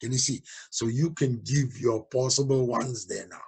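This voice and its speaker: A man's voice: medium pitch, normal speed, gravelly, darkish tone, husky. A man teaching a geography revision lesson, often checking understanding with "okay?" and "you understand?".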